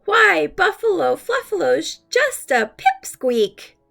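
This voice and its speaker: A woman's voice: high-pitched, sing-song, unhurried, vocal fry, fairly bright tone, soft background music, voice pushed up, exaggerated voice. A woman reading a storybook, voicing a friendly, mangy old male crow in a chirpy, chatty manner. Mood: teasing.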